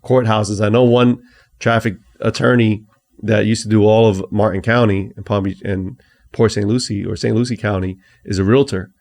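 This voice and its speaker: A man with a low, gravelly voice talks as a guest attorney on a podcast. He sounds relaxed and easygoing and often restarts his sentences mid-thought. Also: moderate pace. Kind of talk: casual conversation.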